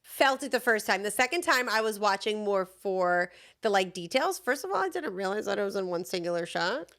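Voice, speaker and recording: A woman's voice: medium pitch, animated, fairly quick, fairly bright tone. A young woman co-hosting a podcast in casual chat, talking eagerly and filling her sentences with "like" and "um". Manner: chatty and enthusiastic, many fillers. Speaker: podcast co-host.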